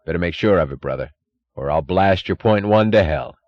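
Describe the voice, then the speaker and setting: A man's voice: low voice, lively intonation, brisk, dry recording, dull audio. A man reading an audiobook, voicing a tough, muscular union boss who talks evenly, bluntly and sardonically. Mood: sardonic.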